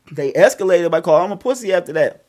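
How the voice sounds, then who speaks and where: A man casually telling a story on a podcast, profane and animated, with loud bursts as he acts it out. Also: sits high, fast talker.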